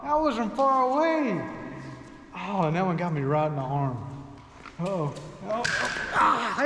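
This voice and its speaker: A man's voice: high-pitched, background noise. A man, playfully narrating a family game with his kids, teasing and laughing. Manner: animated, laughing, teasing, calls out play-by-play. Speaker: dad vlogger. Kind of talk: playful family vlog chat. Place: home, indoors. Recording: echoey room with long reverb.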